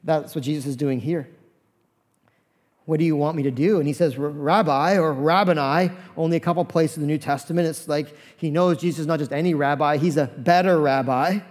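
A man preaching a sermon as pastor, animated, acting out the voices of the figures in his story. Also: a little high, brisk, in a large hall.

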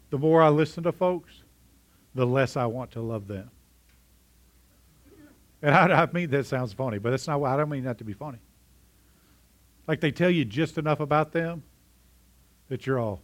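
A middle-aged man preaching a sermon in a conversational way, often asking his congregation questions. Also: medium pitch. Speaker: pastor.

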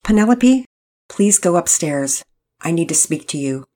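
Brief: a woman playing a calm, firm dad, husky, lively pitch, storybook. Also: unhurried. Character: firm, patient father.

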